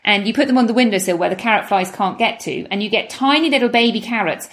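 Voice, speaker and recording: Chatty, enthusiastic female co-host, mid-pitched, asks questions. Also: fast talker, fairly bright tone. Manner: enthusiastic, chatty, playing devil's advocate. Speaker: podcast co-host. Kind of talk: casual chat.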